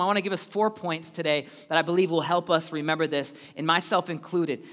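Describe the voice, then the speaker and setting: A man preaching in a church, his voice a little high for a man. He talks to the congregation casually, cracking jokes and swinging from loud, emphatic lines down to quiet asides. The hall around him leaves a long, ringing reverb. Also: fairly even intonation, brisk, hardly any pauses. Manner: conversational and joking, swings between loud and hushed. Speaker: pastor. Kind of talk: sermon.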